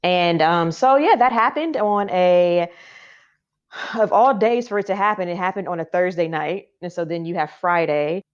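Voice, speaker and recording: Deep-voiced woman guest on a podcast, emotional story, lots of ums, kinda muffled audio. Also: moderate pace, clear, resonant tone. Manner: heartfelt, emotional storytelling with many fillers. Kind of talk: casual interview storytelling. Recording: dull lo-fi sound.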